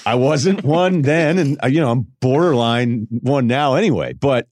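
A man's voice: mid-range voice, lively intonation, moderate pace, darkish tone, dry recording, studio quality. A man in his forties hosting a podcast, telling casual stories in a loose, self-mocking way and laughing between phrases. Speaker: podcast host. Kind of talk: casual storytelling monologue.

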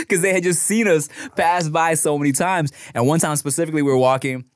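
A man, telling stories with lots of swearing and jumping up into high voices when he quotes people. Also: quick pace, few pauses, dry recording, clean studio sound. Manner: animated storyteller, swears freely, jumps to high voices when quoting people. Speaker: podcast co-host. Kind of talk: casual food podcast chat.

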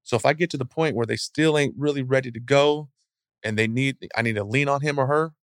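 A man giving a casual motivational talk as a guest speaker, acting out scenes in an animated, storytelling way. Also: medium pitch, a little fast, smooth, no room sound, clean studio sound.

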